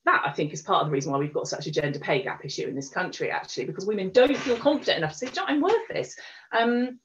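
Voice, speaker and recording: On a dull lo-fi recording, a middle-aged interview guest recounts her story frankly in a fairly low, expressive, fairly bright voice. She talks rapid-fire, with lots of fillers and restarts in a candid conversational style.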